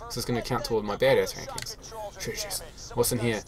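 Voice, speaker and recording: A man's voice: mid-range voice, animated, fast talker, a crowd in the background. Self-mocking man playing a game. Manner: self-mocking, chatty, swears when frustrated. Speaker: game player. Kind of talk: solo gameplay commentary.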